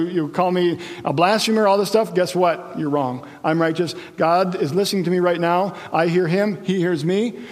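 A male pastor delivers a sermon in a slightly high voice, moving between storytelling and playful asides. His words ring out with a long reverb, as in a church hall. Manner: animated storytelling with asides and jokes.

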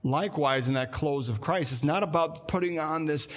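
Fairly high-voiced man preaching conversationally. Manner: conversational preaching, slows down and drops low for emphasis. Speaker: pastor. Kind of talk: sermon.

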